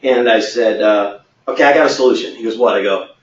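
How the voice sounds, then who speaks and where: A man's voice: on the low side, fast talker. A man as a sales trainer, telling a workplace anecdote in a training webinar and acting out the quoted dialogue. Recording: echoey, distant, muffled.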